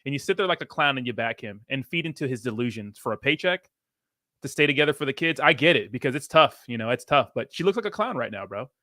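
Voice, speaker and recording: A man's voice: medium pitch, animated, fast talker, bright, forceful tone, dry recording, studio quality. A man giving casual reaction commentary on a played clip, blunt and full of profane slang. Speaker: reaction streamer.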